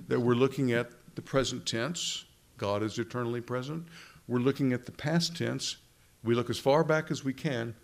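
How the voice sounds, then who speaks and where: Male preacher, expository sermon, leans hard on key phrases. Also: medium pitch. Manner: expository preaching with rising emphasis and slow stressed phrases. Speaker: pastor.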